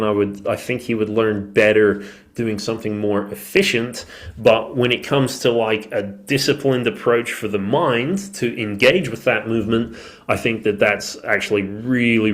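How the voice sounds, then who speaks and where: A man hosting a podcast on movement who is losing his voice, talking loosely and thinking aloud with plenty of fillers. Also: lowish voice. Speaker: podcast host and movement coach. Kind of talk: casual solo podcast talk.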